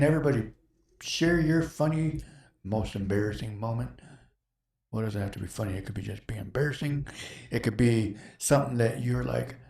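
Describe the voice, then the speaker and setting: A man's voice: on the low side, creaky, darkish tone. A man hosting a podcast, telling a story in casual chat, rambling, breaking off mid-sentence and laughing often. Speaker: podcast host.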